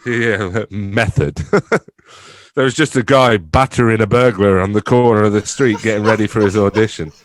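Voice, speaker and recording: Deep-voiced joking young man. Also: moderate pace, no room sound, studio quality. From England. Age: young adult. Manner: joking, self-deprecating, laughs often, swears casually. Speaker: theatre company director, podcast guest. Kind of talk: casual interview chat.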